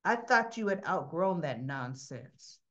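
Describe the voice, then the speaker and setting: A woman's voice: fairly low pitch, animated, a little slow, a bit bright, pitched below the performer's own voice. Controlling father, cold and commanding, a woman reads him, muffled lo-fi audio. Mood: stern. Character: stern controlling middle-aged father.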